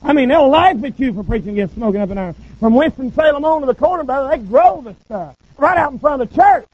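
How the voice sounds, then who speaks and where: A man's voice: very high-pitched, expressive, quick pace, no room sound. A man preaching a sermon in a folksy, humorous storytelling manner. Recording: dull lo-fi recording.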